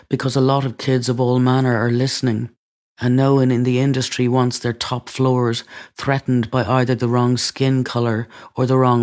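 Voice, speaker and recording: A man reading a first-person memoir aloud in a steady way, with dry, wry asides. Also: medium pitch. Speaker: audiobook reader.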